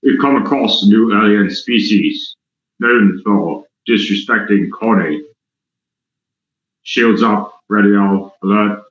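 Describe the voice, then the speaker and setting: Man putting on a starship captain, deep voice, stiff announcing orders, dull roomy audio. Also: slow. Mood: mock-solemn.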